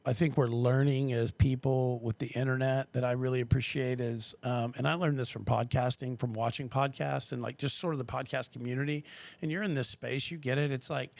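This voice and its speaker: A man's voice: medium pitch, vocal fry, dry recording. A man who works at a car dealership, chatting casually on a podcast and telling stories with acted-out quotes. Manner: animated storyteller who acts out quotes.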